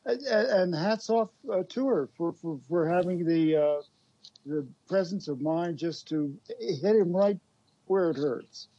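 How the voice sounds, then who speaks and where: Husky, mellow-voiced man on a dull line. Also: on the high side, no room sound. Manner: earnest, reflective, halting. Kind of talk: casual political chat.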